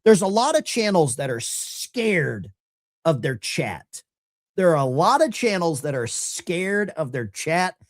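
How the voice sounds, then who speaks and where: A man hosting a live call-in stream, taking callers and talking loosely. His pitch swings widely as he talks, and he is lively and rambling. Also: measured pace. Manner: animated and chatty, often rambling. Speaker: call-in show host.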